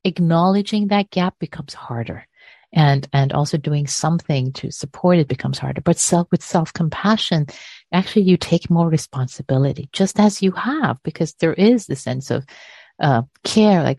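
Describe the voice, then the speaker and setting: A woman meditation teacher answering a question in a gentle, soothing talk, repeating words and trailing off. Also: low-pitched, animated, moderate pace, no echo, studio quality.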